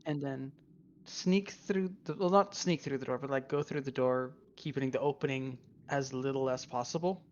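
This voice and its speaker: A tabletop player talking through their actions in a casual, thinking-aloud way, with words that often trail off. The recording is dull and lo-fi, and the voice sits in a middle pitch range. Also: moderate pace. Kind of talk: casual tabletop game chat. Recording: dull lo-fi sound.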